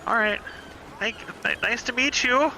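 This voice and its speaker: A man's voice: very high-pitched, measured pace, crowd noise, rough recording. A man playing his character in a tabletop game, easygoing and agreeable. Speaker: player.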